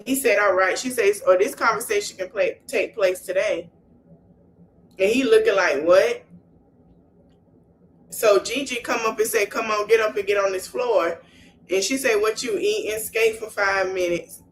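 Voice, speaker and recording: A woman's voice: medium pitch, normal speed, a little hiss or hum, poor audio. A woman podcast host giving a casual recap, retelling scenes in a he-said-she-said way with slangy asides to her listeners. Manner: animated storytelling, retelling scenes in he-say-she-say fashion.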